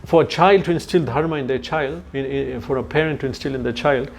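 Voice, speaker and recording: A male scripture lecturer with a mid-range voice speaks a little fast to a youth audience, weaving stories and asides and sometimes searching for the right word. A slight hiss or hum can be heard.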